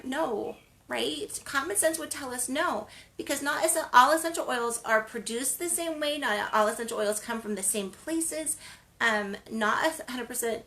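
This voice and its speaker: A woman hosts a wellness segment in a loose, chatty way, circling back and restarting her sentences. Her voice has a gravelly, creaky texture. It also carries a bright, forceful edge. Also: fairly high pitch. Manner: chatty, rambling, frequent ums and restarts. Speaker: wellness show host. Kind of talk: casual spoken segment.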